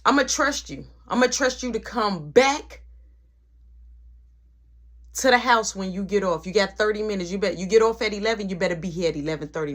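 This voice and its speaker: A woman voicing a strict mother who lays down firm rules, sounding lower than her own voice. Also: a bit bright. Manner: stern, bossy.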